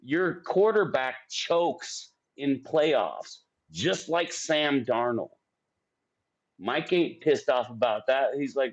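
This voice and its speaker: A man's voice: medium pitch, expressive, takes it slowly. A man in his forties ranting on a live sports stream, profane and combative as he answers his chat. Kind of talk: heated live-stream rant. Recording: dull lo-fi stream audio.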